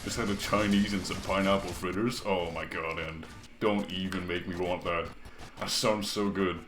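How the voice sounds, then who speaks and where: A man's voice: sits low, fairly even intonation, normal speed, fairly bright tone. A half British, half Canadian man streaming a game and joking crudely with his chat as he reads it aloud. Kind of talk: casual gaming livestream, reading chat aloud. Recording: echoey room with faint music behind.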